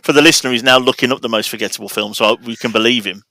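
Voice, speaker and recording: A man's voice: medium pitch, very fast, creaky, bright, forceful tone, no room sound. A man hosting a casual podcast, playfully quizzing his co-hosts one by one for an awards segment.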